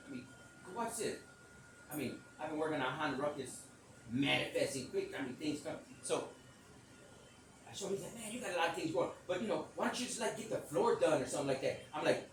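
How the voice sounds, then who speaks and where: Animated high-voiced man telling a story, echoey. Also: a little fast, a little hiss or hum. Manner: animated, loud, acts out quotes and laughs often. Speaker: self-described psychic medium telling a story. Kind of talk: rambling personal storytelling. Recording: echoey, distant mic with faint ambience.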